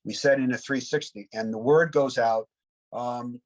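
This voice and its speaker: A man's voice: medium pitch, fairly even intonation, normal speed, low-quality recording. A man in his seventies, a Vietnam veteran, telling rambling war stories in an interview with frequent "you know" asides. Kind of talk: reflective war storytelling.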